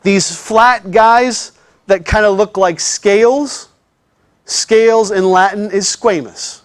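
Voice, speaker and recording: A man's voice: high voice, slow, no echo, clean studio sound. A man teaching a classroom lecture in a chatty way, often checking in with his students.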